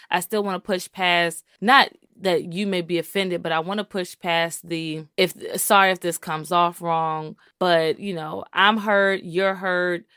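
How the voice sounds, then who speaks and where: A woman with a somewhat low voice speaks earnestly and with animation, often filling her sentences with "like" and "you know". The sound is close and dry. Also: fairly bright tone, clear, resonant tone, no echo. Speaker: podcast co-host. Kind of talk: casual chat.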